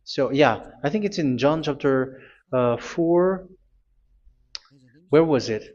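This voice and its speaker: A man preaching a sermon, reading scripture aloud, halting and repeating phrases as he goes. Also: a little high, expressive, darkish tone, muffled recording.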